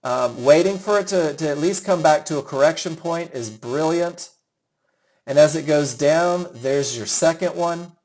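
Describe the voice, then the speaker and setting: A man's voice: on the high side, a little slow, a little mellow, poor audio. A middle-aged man teaching a live trading webinar, chatty and enthusiastic, calling students by name as he reviews their trades. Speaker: trading instructor.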